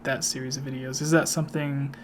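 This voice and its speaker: A man's voice: mid-range voice, little pitch movement, fairly quick, a little hiss or hum. A man hosting a YouTube interview, asking long rambling questions with many fillers. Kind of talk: casual interview chat.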